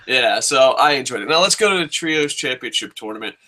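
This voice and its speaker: A man in his thirties hosting a casual wrestling review, excitable and profane, breaking into jokey shouts. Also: mid-range voice, a little fast. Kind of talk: casual podcast chat.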